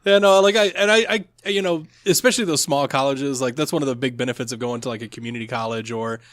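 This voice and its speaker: A man's voice: medium pitch, fast talker, a bit bright, no echo, studio quality. A man co-hosting a podcast, talking casually in a rambling way with frequent laughs. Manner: rambling, laughing, filler-heavy. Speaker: podcast co-host. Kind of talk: casual chat.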